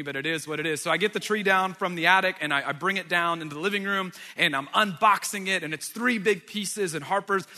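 A slightly high-voiced man in his thirties preaches a story-driven sermon, his tone bright and forceful. He tells it in an animated way, swinging from hushed asides to loud, exasperated outbursts. His voice rings out through a large hall with a long, lingering reverb. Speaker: pastor.

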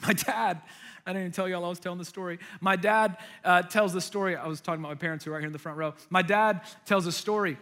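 Young male preacher, high and bright, lively storyteller, preaching to a congregation. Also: quick pace. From United States. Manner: animated storytelling, acts out voices. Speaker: pastor. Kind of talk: sermon.

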